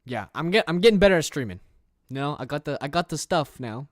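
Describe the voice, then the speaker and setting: A man's voice: on the high side, expressive, a little fast, no echo, clean studio sound. A man in his twenties chatting casually on a livestream, reading viewer comments in a rambling, easygoing way and laughing at himself. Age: 20s. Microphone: desk microphone and headset.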